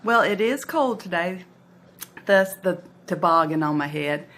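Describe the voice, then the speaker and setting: A woman's voice: on the low side, animated, slow, fairly bright tone, a little hiss or hum. A woman chatting folksily through a home cooking demo in her kitchen, humming as she tastes. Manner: folksy and chatty, hums while tasting.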